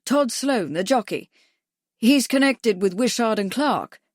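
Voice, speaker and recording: A woman doing a gruff, half-deaf old doctor. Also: fairly high pitch, lively intonation, unhurried, no echo, studio quality, pitched above the performer's own voice. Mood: gossiping. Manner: loud, sharp, scolding. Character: deaf, gruff elderly male racing doctor.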